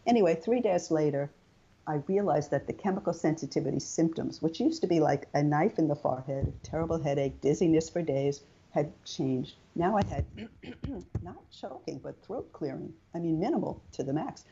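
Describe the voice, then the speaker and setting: An older woman, a guest in an interview, telling her personal story in a chatty, animated way and acting out quoted dialogue. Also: sits low, brisk, highs cut off, a little hiss or hum.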